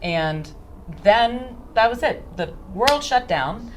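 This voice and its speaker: An actress telling an anecdote in an interview, animated and acting out the dialogue. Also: female voice, on the high side, takes it slowly, background noise. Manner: animated storyteller, acts out dialogue.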